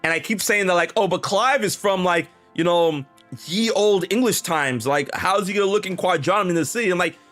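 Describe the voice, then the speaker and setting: A young man hosting a podcast, telling a long story in a rambling, animated way with many restarts and quoted dialogue. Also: high voice, a little fast, hardly any pauses, faint music behind. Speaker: podcast host. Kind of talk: casual storytelling chat.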